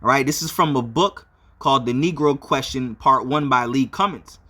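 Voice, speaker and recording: A man's voice: mid-range voice, normal speed, sharp tone. A man giving religious commentary on a video, filling his talk with "all right" and "uh" between phrases. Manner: repeats "all right" often, with many fillers.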